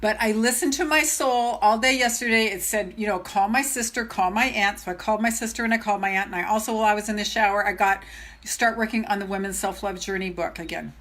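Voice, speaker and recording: Bright, gushing older woman coach. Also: medium pitch, fast talker. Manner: gushing, chatty, greets viewers. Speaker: self-love coach. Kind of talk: live video chat with followers.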